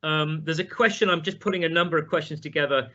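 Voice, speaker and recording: A man moderating a question session, reading out audience questions in a brisk way. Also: on the high side, bright, forceful tone. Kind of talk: hosting a Q&A. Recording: dull lo-fi livestream audio.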